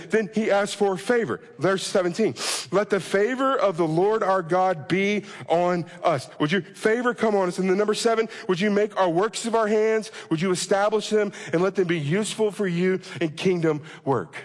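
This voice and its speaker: A preacher man with a high voice delivers an impassioned sermon. He swings into pleading, prayer-like passages as he acts out a cry to God. His voice rings with the long reverb of a big hall. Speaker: pastor.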